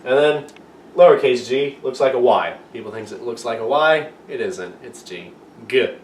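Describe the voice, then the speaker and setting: At medium pitch and a moderate pace, a young man jokes his way through a casual lesson for a video, rambling and teasing himself playfully. He's far from the mic, with roomy echo and faint room noise.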